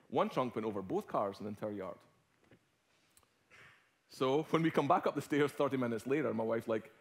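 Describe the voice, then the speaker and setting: A middle-aged Scottish man preaching a sermon as a guest speaker, telling a personal story with swings from hushed to loud. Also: mid-range voice, expressive, fairly quick. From Scotland.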